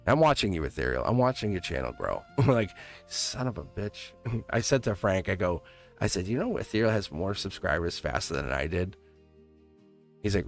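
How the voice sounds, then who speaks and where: A man with a low, creaky voice hosts a live-stream tarot reading. He's chatty and laughs often while answering his live chat.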